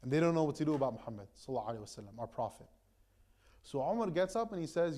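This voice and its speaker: A man's voice: fairly high pitch, animated, racing, mellow. A young man in the role of an imam, telling a story in a casual sermon with frequent "right?" and "like" fillers. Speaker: imam giving a talk.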